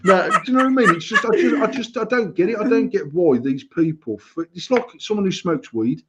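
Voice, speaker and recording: A man's voice: sits high, expressive, a little fast, a bit bright, lo-fi sound, a little hiss or hum. A British man co-hosting a casual banter podcast, talking bluntly and opinionatedly with lots of swearing and restarts. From United Kingdom. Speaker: podcast co-host.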